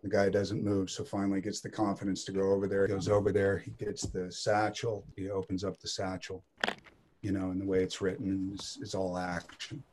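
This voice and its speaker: A man's voice: sits low, a little fast, slight background noise. A middle-aged man, an actor, telling casual anecdotes in an interview and acting out what others said. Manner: animated anecdotes, quotes others in voices. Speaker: actor guest.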